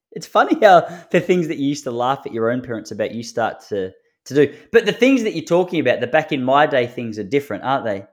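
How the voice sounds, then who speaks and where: A man hosts a solo podcast, spinning loose comic stories. His voice sits at an ordinary mid pitch, relaxed and chatty, and he chuckles at his own jokes as he goes. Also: brisk. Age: 30s. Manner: laid-back storytelling with chuckles. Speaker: podcast host. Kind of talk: solo comedic podcast monologue.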